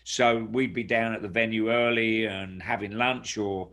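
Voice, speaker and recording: A man's voice: on the low side, fairly even intonation, moderate pace, a bit bright. Rambling older man chatting on a call. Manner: rambling, friendly, many restarts and fillers. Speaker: touring rock drummer guest. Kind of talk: casual chat.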